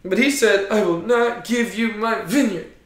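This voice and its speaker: A man's voice: high voice, normal speed, natural voice. Brief: man playing a whiny, blubbering king, sulking, echoey room. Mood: sulky. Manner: blubbering, self-pitying complaint.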